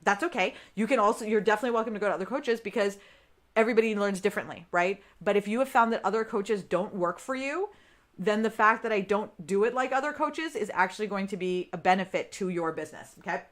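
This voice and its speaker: A woman's voice: mid-range voice, fast. A woman business coach chatting live on her podcast to her viewers, often tagging "right?" onto her points. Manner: chatty, keeps asking "right?"; talks straight to her viewers. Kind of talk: live-streamed podcast chat.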